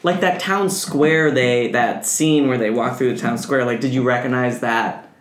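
A man co-hosting a casual podcast, chatty and quick with supportive interjections. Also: medium pitch, roomy sound. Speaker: podcast co-host. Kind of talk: casual chat.

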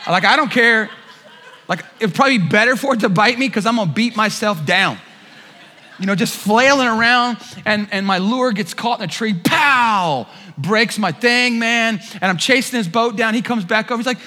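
A man's voice: very high-pitched, normal speed. A man preaching a sermon, telling a funny personal story and acting out the quoted voices in it before turning it into a lesson. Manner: animated storyteller, acts out quotes with shouts. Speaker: pastor. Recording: long hall reverb.

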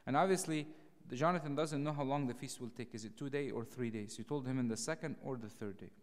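Man, clergy, bible study sermon, animated, acts out dialogue, echoing church hall. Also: medium pitch, fast talker. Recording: long hall reverb.

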